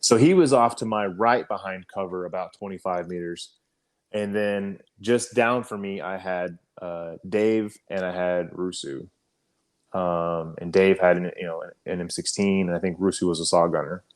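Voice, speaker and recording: A man with a fairly low voice recounts a combat story on a casual podcast. He talks loosely and swears often, with plenty of "you know" and "um" between his points. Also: moderate pace. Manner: profane, animated storytelling, frequent fillers. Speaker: podcast co-host, army veteran.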